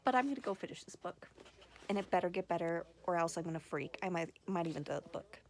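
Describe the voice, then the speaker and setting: A woman's voice: lowish voice, fast talker. Gushing, swearing woman book vlogger. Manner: excitable and gushing, frequent "like" fillers, swears freely. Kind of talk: casual vlog chat.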